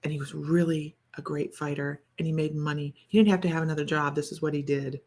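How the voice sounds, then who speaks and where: A woman's voice: sits low, flat delivery, fast talker, a little mellow. A woman doing a casual psychic reading to camera, thinking aloud in a meandering, chatty way with many fillers and self-corrections. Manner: relays impressions in a wondering, chatty tone. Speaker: psychic reader.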